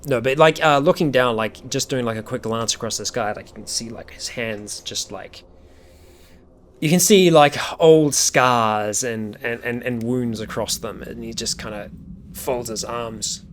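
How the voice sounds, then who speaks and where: A man's voice: mid-range voice, measured pace, a little hiss or hum. Rambling man narrating as game master. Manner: rambling descriptions full of "like" and "kinda".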